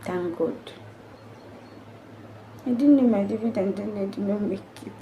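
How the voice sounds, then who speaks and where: A young woman tells her own story to camera in an emotional, earnest way, circling back over the same phrases. Her voice is warm and mellow rather than bright. A faint hum sits under her voice. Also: medium pitch, fast, rough recording. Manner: emotional, earnest, repetitive retelling. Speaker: family vlogger. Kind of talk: personal story told to camera.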